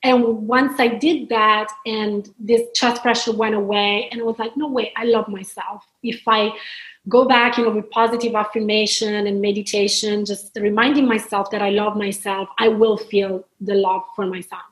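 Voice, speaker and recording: A woman's voice: mid-range voice, little pitch movement, normal speed, fairly bright tone. Italian-accented woman in an echoey room. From Italy. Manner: earnest, reflective, with many restarts. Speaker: podcast guest, spiritual counselor. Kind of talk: casual interview talk.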